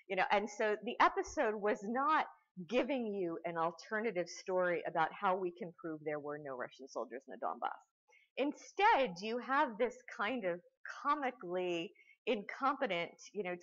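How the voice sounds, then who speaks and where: A woman's voice: lowish voice, a bit bright. A woman lecturer answering questions after a talk, storytelling with lots of fillers and restarts. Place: lecture hall. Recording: muffled lecture recording.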